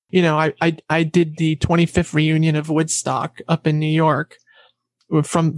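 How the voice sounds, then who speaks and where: A woman guest in a casual interview, telling quick anecdotes with a trained, deliberately raised voice and acting out what others said. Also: low voice, dry recording, studio quality. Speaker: interview guest, former announcer and vocal coach.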